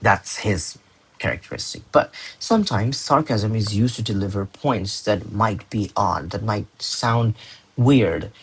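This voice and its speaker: Husky-voiced young man teaching casually. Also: on the low side, measured pace. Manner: chatty, informal, self-correcting with fillers and slang. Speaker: English tutor.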